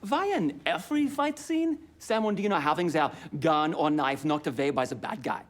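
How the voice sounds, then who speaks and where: A woman voicing a German-accented male fan in a hook-man costume, asking a puzzled question. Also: normal speed. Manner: put-on accent, lively pitch.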